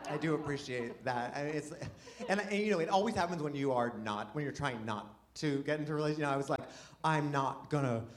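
A man's voice: fairly high pitch, fast, few pauses, a little hiss or hum. A man doing a stand-up comedy set, rambling and self-deprecating with many restarts. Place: live comedy venue with audience laughter. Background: audience laughter.

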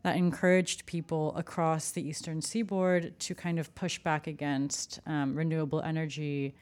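Low-voiced woman, chatty journalist. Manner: animated, quick asides with "like". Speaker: journalist, co-host. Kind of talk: casual conversation.

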